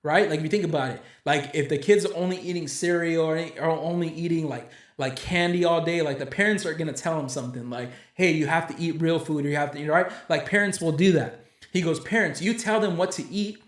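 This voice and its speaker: A young man with a fairly high voice hosts a church podcast, rambling and preachy as he chats. His voice rings around an echoey room. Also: a little fast. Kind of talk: casual chat.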